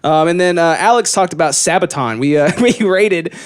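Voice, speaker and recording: A man's voice: fairly high pitch, moderate pace, smooth. A man co-hosting a podcast, chatting casually about games and music, joking and laughing often. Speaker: podcast co-host. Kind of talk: casual chat.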